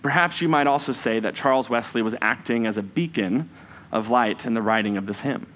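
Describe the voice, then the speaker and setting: Man preaching a measured sermon. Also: mid-range voice, fairly bright tone. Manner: measured, reflective delivery with slow emphatic phrases.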